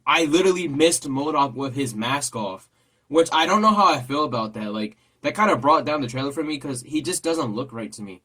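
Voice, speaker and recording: A man's voice: mid-range voice, a bit bright. Rambling man reacting casually. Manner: rambling, repeats himself, thinks aloud. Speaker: host reacting to a trailer. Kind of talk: casual chat.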